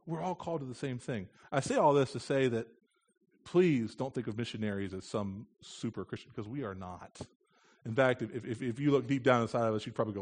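A man's voice: mid-range voice, a little mellow, breathy edge. Man, missionary, conversational sermon, earnest, plain-spoken, light humor, middle-range voice. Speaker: missionary preaching to a congregation. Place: church.

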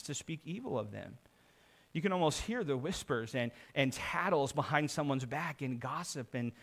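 Middle-aged male pastor, earnest sermon delivery, slightly higher voice, builds to emphatic peaks. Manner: earnest preaching, swells louder for emphasis.

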